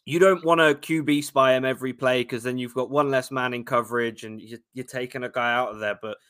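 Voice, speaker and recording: Bright-voiced man with a London accent. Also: medium pitch, fairly even intonation, brisk. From South London. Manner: joking, confident, talks game analysis. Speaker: podcast guest. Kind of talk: casual sports podcast chat.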